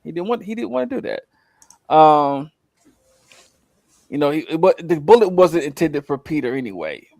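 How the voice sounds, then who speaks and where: A man co-hosting a casual podcast, rambling through an animated recap with many fillers and acted-out quotes. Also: fairly high pitch, moderate pace, creaky, long pauses, no room sound. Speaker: co-host recapping a show.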